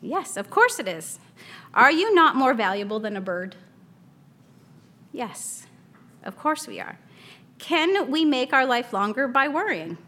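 A woman's voice: sits high, very animated, unhurried, pauses often, bright, forceful tone. A woman in her thirties teaching a Bible study in a chatty, casual way, laughing often and acting out a toddler's small voice.

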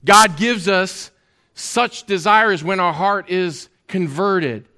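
A pastor delivers his sermon in a high-pitched male voice. He talks to the congregation in a relaxed, conversational way, often pausing on fillers.

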